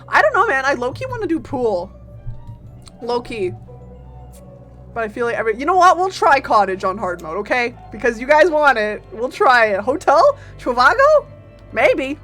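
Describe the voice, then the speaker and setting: A woman streaming a game live, chatting casually and playfully with bursts of loud exclamations. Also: on the high side.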